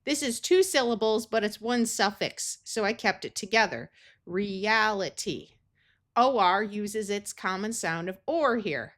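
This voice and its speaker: A woman's voice: mid-range voice, lively intonation, measured pace, a bit bright. An American woman teaching a phonics lesson, sounding out words carefully in parts. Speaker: reading tutor.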